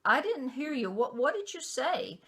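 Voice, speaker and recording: A woman's voice: high voice, sing-song, moderate pace, fairly bright tone, pitched above the performer's own voice, full character voice. A woman putting on the voice of her young son, who sounds hesitant and stammering as he asks his father questions. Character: hesitant young boy, confused and polite.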